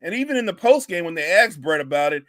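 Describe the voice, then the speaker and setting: A man's voice: fairly high pitch, expressive, quick pace, a bit bright, no room sound. A man co-hosting a sports podcast, giving emphatic, opinionated takes in casual talk.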